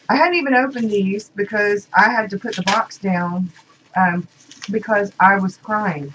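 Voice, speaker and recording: A woman's voice: mid-range voice, measured pace, fairly bright tone, muffled recording, slight background noise. A woman chatting casually in a home vlog, emotional and gushing, repeating her words. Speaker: vlogger. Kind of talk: casual unboxing chat. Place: home room.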